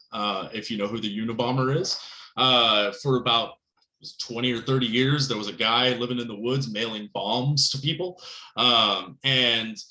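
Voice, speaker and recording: A man giving a recorded writing lecture in a conversational, rambling way, often checking in with "right?" and getting animated on key points. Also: echoey room, rough recording. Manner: animated, pitch jumps up on emphasis. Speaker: writing instructor.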